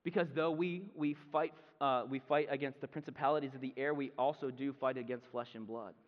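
A pastor giving a conversational sermon with casual asides. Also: male voice, mid-range voice, fairly even intonation, brisk. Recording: muffled sound with long hall reverb.

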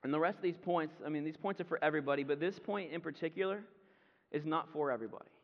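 A pastor giving a conversational sermon with casual asides. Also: male voice, on the high side, fast talker, vocal fry. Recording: muffled sound with long hall reverb.

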